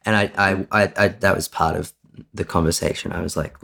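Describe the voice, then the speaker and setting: Guy with a low gravelly voice, earnest, keeps restarting sentences as he tells what happened. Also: fairly even intonation, fairly quick, a bit bright. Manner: earnest, with frequent restarts and self-corrections. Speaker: guest. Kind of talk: candid conversational storytelling.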